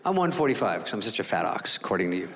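On a live theater stage, a man performs stand-up, telling a story with sarcastic asides and acting out the dialogue. His voice is low-ish, sing-song, rapid-fire, and a bit bright. The hall is reverberant, with crowd noise and audience laughter.

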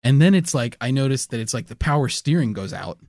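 A man co-hosting a comedy podcast, telling an absurd story in a rambling, deadpan way full of fillers. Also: medium pitch, fairly quick, no echo, clean studio sound. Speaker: podcast co-host. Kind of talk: casual storytelling.

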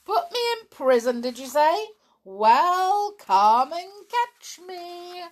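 A woman's voice: very high-pitched, very animated, slow, voice pushed up, full character voice. A woman voicing a sly, jeering male gnome who cackles at the toys in a children's storybook reading. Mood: gloating.

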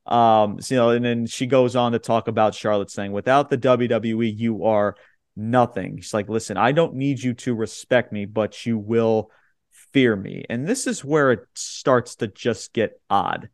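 A man co-hosting a wrestling review podcast, talking bluntly and swearing freely while he recaps the show. His voice sits at an ordinary middle pitch. The recording is dry and close, with no room sound. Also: normal speed, no echo. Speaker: podcast co-host. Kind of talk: casual wrestling review chat.

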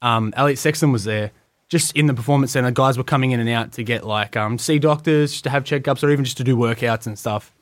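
An Australian man rattles through his story at a quick clip, leaning on "like" and restarting his sentences. He sounds close and dry, with no room around him. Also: mid-range voice, dry recording. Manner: rambling, many "like" fillers. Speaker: guest, wrestling tryout athlete. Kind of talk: casual storytelling interview.

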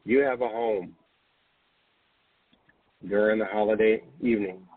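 A low-voiced man hosts a late-night spiritual talk, speaking gently and reassuringly to listeners. His voice is breathy and husky. It is recorded dry, with the narrow, thin sound of a phone line. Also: steady tone, a little slow, no echo. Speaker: podcast host.

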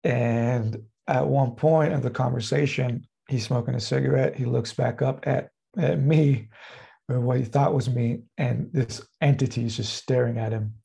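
A man tells a personal story in a loose, rambling way, leaning on fillers as he goes. His voice is gravelly and husky. The tone is dark and mellow. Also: medium pitch, steady tone, moderate pace. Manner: rambling, heavy use of fillers like "like" and "uh". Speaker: podcast guest. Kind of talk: casual storytelling.

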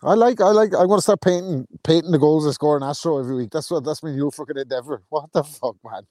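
A man's voice: on the high side, fast, warm tone, no echo. A man co-hosting a casual podcast, swearing and joking with a laugh. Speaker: podcast co-host.

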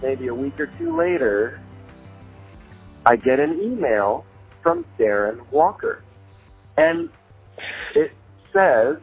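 Male storyteller, casual and animated, swears easily; very expressive pitch, phone-thin sound. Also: slow, pauses often, slightly rough, no room sound. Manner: animated, laughs while telling, swears freely. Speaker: musician telling a story. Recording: tinny phone-like sound with faint music.

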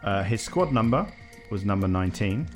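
A man's voice: fairly low pitch, lively intonation, normal speed, soft background music. A man hosting a quiz, announcing whose turn it is and revealing answers. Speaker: quizmaster.

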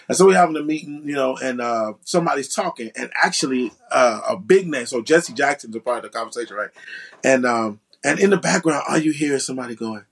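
A man co-hosting a casual chat, telling a story in a lively way and jumping high when he quotes someone. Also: quick pace, vocal fry, husky. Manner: lively, rises to high laughing shouts when quoting. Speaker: podcast co-host.

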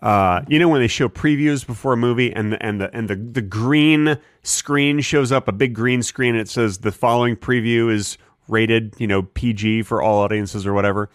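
A man co-hosting a podcast, joking in casual comedic banter with deadpan delivery. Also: medium pitch, moderate pace, few pauses, dry recording, studio quality. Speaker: podcast co-host.

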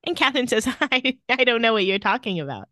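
A woman's voice: a little high, big pitch swings, quick pace, bright, forceful tone, dry recording. A woman co-hosting a podcast, casually recapping TV scenes with quoted lines and dry asides. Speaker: podcast co-host recapping a TV episode. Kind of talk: casual chat.

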